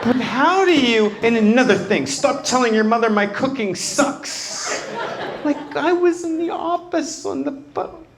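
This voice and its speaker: A man's voice: very high voice, unhurried, noisy background. A man doing a stand-up comedy set in a night club, acting out quotes with lots of energy. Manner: animated, acts out quotes. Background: laughing crowd.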